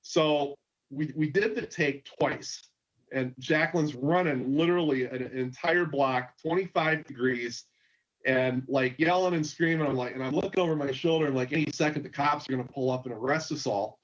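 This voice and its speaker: A man's voice: medium pitch, normal speed. A man hosting a convention panel, telling an on-set story with quoted dialogue. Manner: animated anecdote, quotes others. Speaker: panel host, filmmaker. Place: convention stage. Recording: dull lo-fi panel recording.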